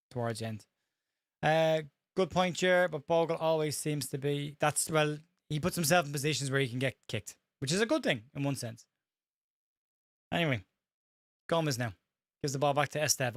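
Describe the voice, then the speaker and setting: An Irish man hosting a live watch-along, calling the match fast and tripping over players' names while reading out viewer comments. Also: medium pitch, no room sound, clean studio sound. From Ireland. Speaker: host.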